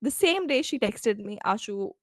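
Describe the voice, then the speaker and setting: High-voiced chatty woman coach. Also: moderate pace, no echo, studio quality. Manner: chatty, laughs often, animated storytelling. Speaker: guest coach. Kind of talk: casual podcast interview.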